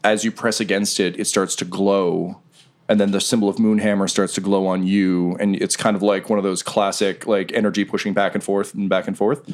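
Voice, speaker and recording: Low-voiced man running a tabletop game. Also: fairly quick. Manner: relaxed, filler-heavy storytelling. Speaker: game master.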